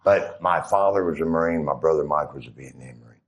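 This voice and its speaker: Middle-aged ex-Marine guest, very low voice, rambling crude storyteller. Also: male voice, a little fast. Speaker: interview guest, former Marine. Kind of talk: casual storytelling.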